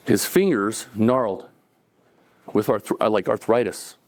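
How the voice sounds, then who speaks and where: A man's voice: on the low side, measured pace. A man telling a true story to a live audience at a cafe event, in a conversational way that acts out the dialogue. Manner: conversational, acting out dialogue, chuckling between lines.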